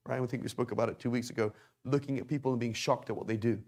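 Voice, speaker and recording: A man's voice: mid-range voice, steady tone, rapid-fire, a little mellow. A man teaching an informal Arabic class, talking conversationally and tossing rhetorical questions at his students.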